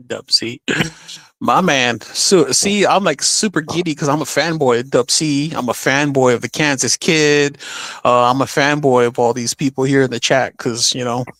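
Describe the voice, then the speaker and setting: A man's voice: mid-range voice, a bit bright, no echo. A man hosting a livestream, chatting casually and upbeat, reading viewer comments aloud with many fillers. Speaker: livestream host.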